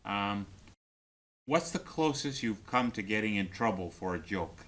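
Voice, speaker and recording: A man hosting a show, asking brief, low-key questions with soft laughs. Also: animated, unhurried. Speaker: show host. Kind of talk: casual interview questions.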